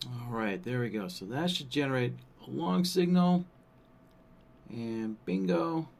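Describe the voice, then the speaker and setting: A man presenting a live software workshop, walking through settings on screen while thinking aloud and checking in with listeners. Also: mid-range voice, measured pace, gravelly. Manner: thinks aloud, frequent "right?" check-ins.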